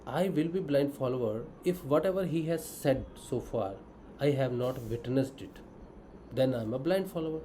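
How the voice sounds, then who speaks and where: A man's voice: medium pitch, moderate pace, warm tone, slight background noise, rough recording. A man giving a devotional teaching talk, earnestly asking his own questions and answering them as a disciple. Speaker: spiritual disciple explaining scripture.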